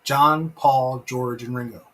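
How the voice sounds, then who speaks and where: A man's voice: medium pitch, fairly even intonation, slow, a bit bright, rough recording. A man hosting a casual live stream, enthusiastic and rambling, breaking off to read out chat comments. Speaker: live-stream host reviewing a TV episode.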